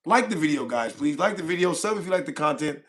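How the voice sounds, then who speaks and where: A man hosting a live stream, teasing and arguing with a caller in rapid questions. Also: on the high side, expressive, a bit bright. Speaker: stream host. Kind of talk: casual live-stream debate.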